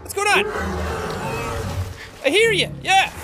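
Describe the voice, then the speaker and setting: A very high, bright male voice that leaps around as he plays through a game. He chatters to the creature on screen like a pet and throws in the odd swear. A faint hiss sits underneath. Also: animated, takes it slowly. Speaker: gaming video host. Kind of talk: let's play commentary.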